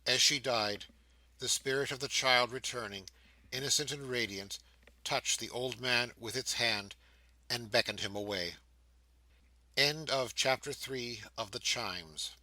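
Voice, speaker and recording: A man narrating a classic novel audiobook in a measured, expressive reading. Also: medium pitch, no echo, poor audio. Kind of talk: scripted narration.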